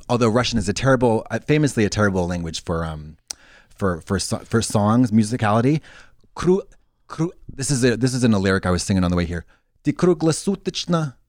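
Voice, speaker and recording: A man co-hosting a podcast, in casual chat that rambles with halting restarts. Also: dry recording, clean studio sound. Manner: rambling, halting restarts, lively pitch swings. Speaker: podcast co-host.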